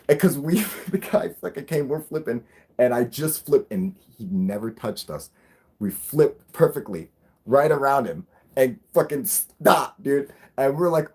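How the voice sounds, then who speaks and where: A man co-hosting a casual live stream, telling a story excitedly and swearing constantly. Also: a little high, moderate pace.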